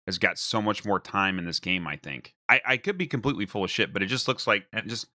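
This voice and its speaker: A man's voice: lowish voice, expressive, quick pace, sharp tone, no room sound, studio quality. A man hosting a live stream and commentating casually, rambling and mocking himself with loose swearing. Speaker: host and commentator.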